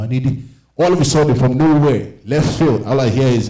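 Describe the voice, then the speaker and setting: Man, stand-up comedian, young adult, animated storyteller, average pitch, roomy echo. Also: fast. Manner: animated, acts out voices of people in his stories.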